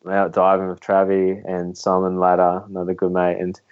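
A man's voice: deep voice, completely flat delivery, brisk, a little mellow, clean tone, muffled recording. A young Australian man telling rambling, laughing stories as a guest on a podcast. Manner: laid-back, rambling, laughs through his stories. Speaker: spearfishing guest. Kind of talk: casual storytelling in a podcast interview.

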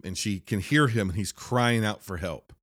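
A man's voice: on the low side, moderate pace, a bit bright, no room sound, clean studio sound. A man casually recapping a horror movie plot, rambling and leaning on fillers like "like". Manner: rambling, filler-heavy, lots of "like". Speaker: film reviewer.

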